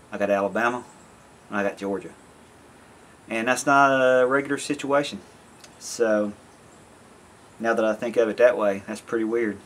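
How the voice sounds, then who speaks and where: A man's voice: on the low side, measured pace, pauses often, a little hiss or hum. A man talking casually to camera in a rambling, folksy way, repeating himself as he goes. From American South. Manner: rambling, folksy, self-interrupting. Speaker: YouTube vlogger.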